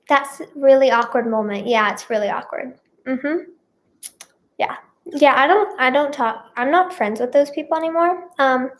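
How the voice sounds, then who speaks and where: High-voiced teen girl vlogger, unhurried. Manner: rambling, heavy with "like" and "yeah" fillers. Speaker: vlogger and singer. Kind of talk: casual storytime chat to camera.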